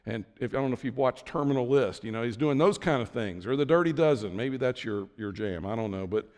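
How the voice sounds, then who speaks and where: Chatty preacher in a reverberant hall. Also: male voice, medium pitch, animated, a little fast, darkish tone. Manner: conversational, with many restarts and asides. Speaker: pastor. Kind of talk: sermon.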